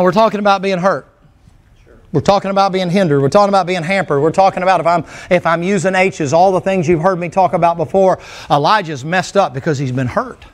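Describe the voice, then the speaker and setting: A man preaching a sermon, telling Bible stories in a folksy, animated way and acting out the characters' words. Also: sits high. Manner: folksy, animated storytelling with acted quotes.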